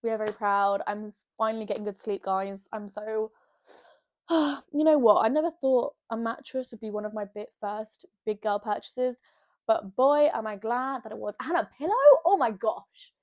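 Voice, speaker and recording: A woman's voice: fairly high pitch, normal speed, a little mellow. A young woman, chatting to camera from her bed in a bubbly, rambling, self-mocking way. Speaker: vlogger. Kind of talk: casual chat to camera. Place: bedroom, sitting on her bed.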